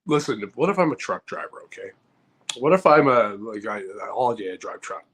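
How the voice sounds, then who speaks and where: A man co-hosting a comedy podcast, arguing a mock debate in an animated, rambling, jokey way. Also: medium pitch, moderate pace.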